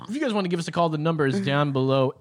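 A man hosting a call-in show, chatting casually in a rambling, profane way and laughing often. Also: on the high side.

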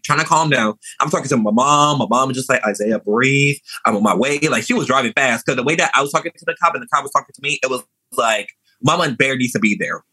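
A young man telling a story in an animated, sassy way, chatting casually. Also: fairly high pitch, breathy edge, no echo, poor audio. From New Orleans. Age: young adult.

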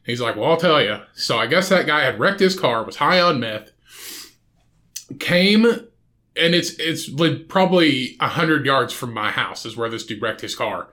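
A man rants through a solo podcast episode. His voice is bright and forward, and he drifts from story to story, swearing freely and casually the whole way. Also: mid-range voice, lively intonation, unhurried. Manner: profane, rambling, swears constantly. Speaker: podcast host.

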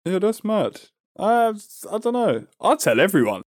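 A man's voice: high voice, big pitch swings, normal speed, darkish tone, dry recording, clean studio sound. A man with a London accent co-hosting a podcast, telling stories in slangy casual chat and laughing between lines. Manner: laughing, slangy, stumbles on words. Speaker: podcast co-host.

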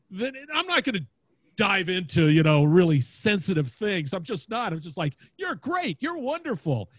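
An energetic man with a big booming voice, chatting casually in a podcast interview and laughing often. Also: no room sound. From Louisiana, United States. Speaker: podcast host and guest. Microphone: podcast mic.

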